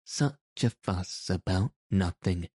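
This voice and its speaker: A blustering quick-tempered old king, as a man reads him. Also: sits low, expressive, warm tone, dry recording, clean studio sound, full character voice. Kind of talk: audiobook character reading.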